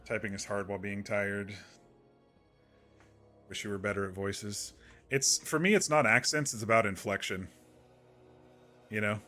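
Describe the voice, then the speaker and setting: A man's voice: on the low side, steady tone, measured pace, long pauses, sharp tone, soft background music. A man streaming a game, chatting casually to viewers in a soothing, rambling way with many restarts.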